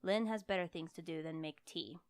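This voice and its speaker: Aloof young male boss in a storybook, curt and lecturing, voice kept low and smooth; a woman reads him. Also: a little fast, natural voice. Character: cool arrogant young male ghost hunter boss.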